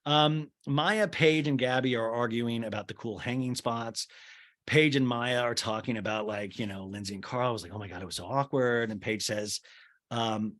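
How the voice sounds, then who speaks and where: A man's voice: mid-range voice, normal speed, fairly bright tone. A man hosting a casual solo recap podcast. He rambles in a chatty way, full of fillers, and acts out quotes in exaggerated voices. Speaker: podcast host.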